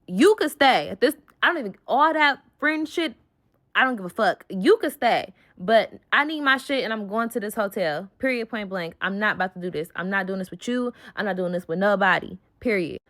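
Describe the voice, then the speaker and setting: A young woman telling a story in a vlog, heated and profane, full of "like" and quick asides. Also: mid-range voice, lively intonation, a bit bright.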